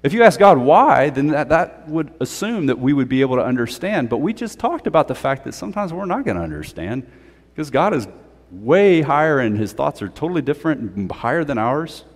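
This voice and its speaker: A male pastor preaching a sermon in a conversational, animated way, with playful asides. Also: a little high, fairly quick, long reverb tail. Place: church sanctuary.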